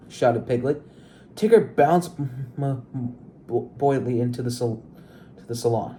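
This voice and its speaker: A man's voice: medium pitch, warm tone. A man reading a children's story aloud, stumbling and restarting words often. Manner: halting, frequent stumbles and restarts. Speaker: read-along narrator.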